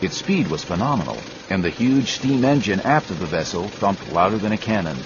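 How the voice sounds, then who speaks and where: A man narrating a grim adventure novel in a steady storytelling manner. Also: sits low, brisk, lo-fi sound, background noise. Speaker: audiobook narrator. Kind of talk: scripted narration.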